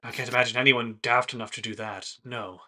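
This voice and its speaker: A man voicing a secretive, cold male noble of a fey court who speaks in a hushed, guarded, curt way. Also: medium pitch, steady tone, fairly quick.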